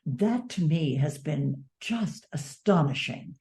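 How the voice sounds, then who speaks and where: An older woman author speaking in an interview, earnest and measured. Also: sits low, expressive, dark tone. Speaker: author and advocate. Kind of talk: interview conversation.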